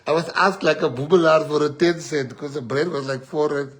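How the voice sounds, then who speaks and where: A man's voice: fairly high pitch, moderate pace. A man with a South African accent telling anecdotes in a speech to an audience, slipping into Afrikaans phrases. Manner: animated, laughing anecdotes mixing in Afrikaans. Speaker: politician addressing an audience. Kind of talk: storytelling speech.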